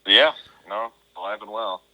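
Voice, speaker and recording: A male podcast guest calling in on the phone, with a low, husky voice that still has a very sharp, bright edge. He rambles, restarts his sentences and laughs at himself. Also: normal speed, low-quality recording. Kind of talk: casual chat. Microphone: phone call.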